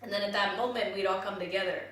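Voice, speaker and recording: A young woman from the United States and Jamaica speaking candidly in a personal vlog, halting and restarting as she reflects. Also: medium pitch, steady tone, fairly bright tone. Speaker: vlogger. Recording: very echoey room, voice from far off the mic, faint noise.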